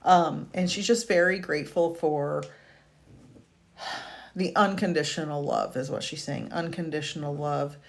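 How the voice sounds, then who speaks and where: A woman doing a live-streamed psychic reading, speaking softly and haltingly with many fillers, at times close to tears. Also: low-pitched, fairly even intonation, creaky. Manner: slow, soft-spoken, halting with fillers and restarts; emotional, tearful at moments. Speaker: psychic medium. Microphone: video call or stream mic.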